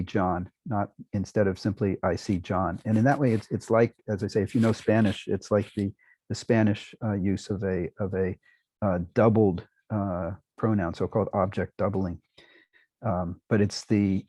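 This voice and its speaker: An older man lecturing on linguistics to a university class, pausing often with many fillers and restarts and now and then clearing his throat. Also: lowish voice, dark tone, no echo, poor audio. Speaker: linguistics professor.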